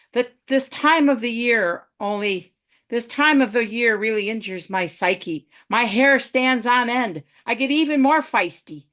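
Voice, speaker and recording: A woman's voice: mid-range voice, a bit bright. A woman poet reading a wry, ranting rhymed poem over a video call. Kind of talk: rhyming poetry reading.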